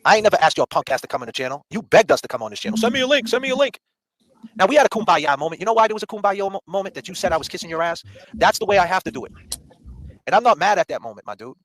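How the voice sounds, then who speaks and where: Fast-talking combative man. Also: fairly high pitch, expressive, a bit bright. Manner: fast, combative, swearing, mocking. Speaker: podcast co-host. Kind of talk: heated livestream rant.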